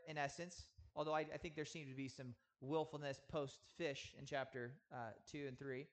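A man in his thirties, a pastor, preaching an earnest sermon with slow, emphatic stresses. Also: fairly high pitch, fairly even intonation. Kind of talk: sermon teaching.

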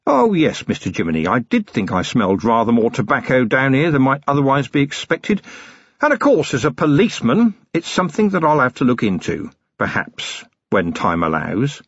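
A stern middle-aged police commander, voiced by a male narrator, quietly menacing and dryly ironic, his husky voice rising and falling with lively emphasis. It is an audiobook read on a close, dry mic, and the recording sounds slightly dull and lo-fi. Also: medium pitch, moderate pace, no room sound, voice pushed up. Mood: sly. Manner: quietly threatening, clipped and ironic. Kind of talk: audiobook character reading.

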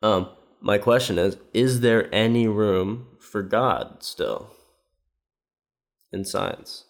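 A man's voice: on the low side, slow pace. A man ranting in casual commentary, sarcastic and rambling with many fillers, mocking what others said. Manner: mimics quoted speech with raised voice.

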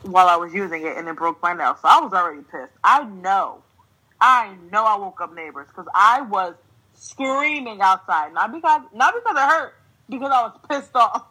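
Swearing young woman ranting, bright husky voice. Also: medium pitch, moderate pace, rough recording. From New Jersey. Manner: swears freely, animated ranting, laughs often. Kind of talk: casual storytelling chat.

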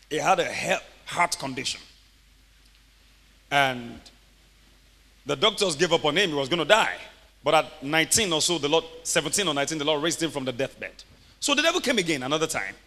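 A male pastor with a high, bright voice preaches a sermon in a church. He laughs easily and builds up to shouted, ringing exclamations. The sound carries a long hall reverb.

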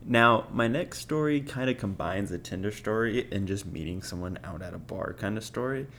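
A man's voice: fairly low pitch, animated, normal speed, a bit bright, a little hiss or hum. A young man hosting a podcast, telling stories casually and bluntly, swearing freely and laughing often. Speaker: podcast host. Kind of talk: casual storytelling.

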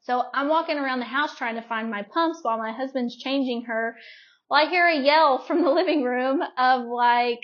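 A young woman with a high voice tells her story as a guest on a podcast, lively and quick to laugh. The recording is dull and lo-fi. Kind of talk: casual storytelling.

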